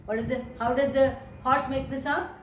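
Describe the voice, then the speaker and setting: A woman teaching young children about animals, talking in a slow, emphatic, sing-song way. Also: high voice, fairly even intonation, reverberant, distant mic, background noise.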